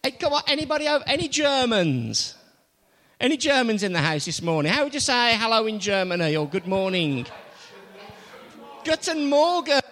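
A man's voice: very high voice, big pitch swings, moderate pace, a bit bright. A man preaching a sermon, playfully quizzing the congregation and drawing them in before his message. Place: church. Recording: long church reverb.

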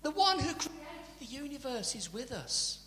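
A man preaching a sermon, chatty and animated, with asides to the congregation. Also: very high voice, a little slow. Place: church. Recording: church hall reverb, faint hum.

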